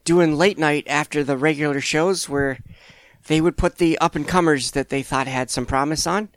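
A man's voice: fairly high pitch, moderate pace, no room sound. A man in his thirties, a stand-up comedian appearing as a podcast guest, telling stories in an easygoing, thoughtful way. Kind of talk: casual conversation.

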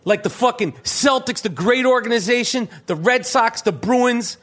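A man's voice: very high-pitched, moderate pace, a bit bright. A man hosting a podcast, ranting with heavy swearing and stammering restarts. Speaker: podcast host. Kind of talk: profane comedic rant.

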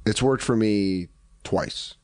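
A man guesting as a comedian, telling relaxed stories about his life with quoted asides. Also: on the low side, slow, no echo, studio quality. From New York. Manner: laid-back storytelling with quoted asides. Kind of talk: casual chat.

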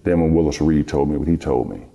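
Very deep-voiced man telling a story. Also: fast talker, gravelly, muffled recording. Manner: relaxed, rambling storyteller who acts out quoted dialogue. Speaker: guest, former basketball player. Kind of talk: storytelling in an interview.

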